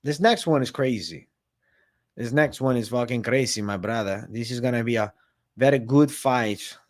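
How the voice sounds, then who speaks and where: A man's voice: mid-range voice, moderate pace. A man hosting a live stream of fight predictions, talking in a brash, slangy and profane way. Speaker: host.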